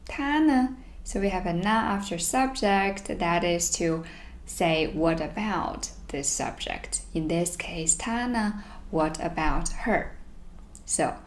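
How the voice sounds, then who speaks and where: A woman teaching a beginners' Mandarin lesson, reading each sentence twice slowly and explaining it in English. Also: on the low side, lively intonation, a little hiss or hum. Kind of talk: language lesson.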